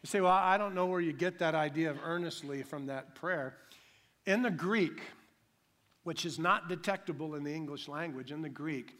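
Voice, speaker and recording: Man preaching, loud then hushed. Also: a little high. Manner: acts out imagined voices in quick dramatic bursts. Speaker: pastor. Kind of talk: sermon.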